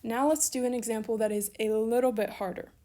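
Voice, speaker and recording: A woman's voice: a little high, fairly even intonation, a little fast, mellow. A young woman teaching a recorded language lesson, upbeat and encouraging as she talks through worked examples and corrects herself casually. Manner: self-correcting, casual asides.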